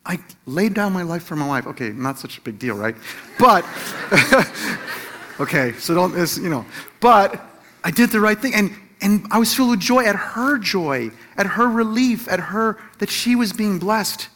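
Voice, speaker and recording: A middle-aged man telling a personal story in a sermon, animated and self-laughing, acting out what others said. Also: high voice, unhurried, a little hiss or hum. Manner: animated storytelling, acts out quotes, laughs at himself. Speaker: Christian teacher or pastor.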